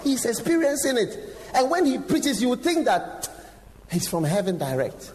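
A man preaching a sermon, telling stories with sudden shouts, acted quotes and direct questions to the congregation. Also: extremely high pitch, sing-song, moderate pace. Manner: engaging the audience with direct questions. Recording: long hall reverb, faint background noise.

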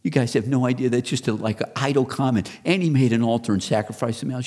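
A man in his fifties, a pastor preaching a sermon, who builds to loud rhetorical questions and then drops low and soft. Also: fast talker.

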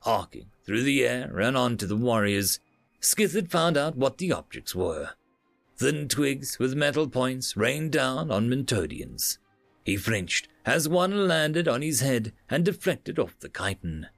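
Gravelly, expressive male storyteller. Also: medium pitch, measured pace, dry recording, soft background music. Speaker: narrator. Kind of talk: storytelling narration.

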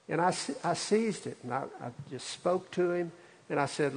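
A man's voice: medium pitch, normal speed. A man, preaching a sermon as a pastor in a folksy, conversational storytelling way. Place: church sanctuary. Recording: reverberant church hall.

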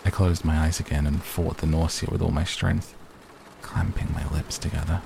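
Deep, gravelly man reading an audiobook. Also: little pitch movement, moderate pace, a little mellow, a little hiss or hum. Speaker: narrator. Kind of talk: audiobook narration.

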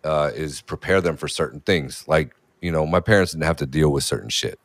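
A man's voice: very deep voice, brisk, no echo, studio quality. A man in his thirties chatting casually as a podcast co-host, blunt and profane, laughing easily. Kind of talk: casual chat.

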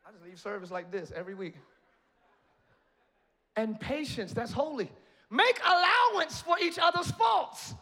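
A man preaching a sermon as pastor, moving between quiet asides and loud, rising shouts, with playful jokes to the congregation. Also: very high-pitched, lively intonation, unhurried, long pauses. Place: church sanctuary.

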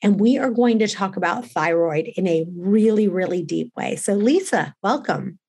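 A woman's voice: medium pitch, lively intonation, normal speed, darkish tone, breathy edge. A woman hosting a casual interview, speaking in an enthusiastic, gushing way as she welcomes her guest and tells stories. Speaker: host.

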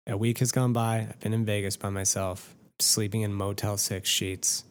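Casting: low-pitched man, casual storyteller, self-mocking, salty language. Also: flat delivery, moderate pace. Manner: self-deprecating, swears freely, rambling asides. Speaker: podcast host telling a story.

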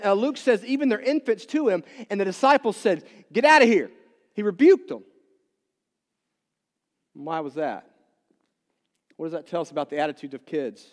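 In a large hall with long reverb, a man preaching a sermon peppers the congregation with questions. He moves from forceful, loud outbursts to low, quiet asides.

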